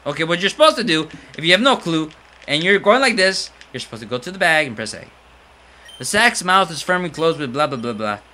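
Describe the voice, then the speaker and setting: Let's player, man, bright lively voice, rambling jokey commentary. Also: fairly high pitch, brisk. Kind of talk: casual video game commentary.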